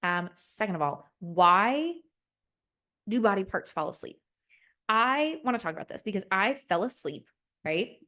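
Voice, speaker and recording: On her solo podcast, a twenty-something woman chats in an expressive, mid-range voice that is bright and forceful and a little slow. Her animated, casual talk rambles along, full of "like" and "right?", with plenty of swearing.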